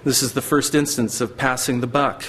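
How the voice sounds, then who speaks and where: A man's voice: mid-range voice, fairly even intonation, moderate pace, a bit bright, a little hiss or hum. A middle-aged man preaching a sermon earnestly, now and then acting out the voices of biblical figures. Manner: earnest, acts out voices of God and Satan. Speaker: pastor.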